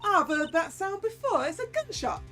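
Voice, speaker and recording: Lady reading a brash loud young gal, attempted southern twang, high and excitable. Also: normal speed, background noise. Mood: brash, excited. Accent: attempted American Southern.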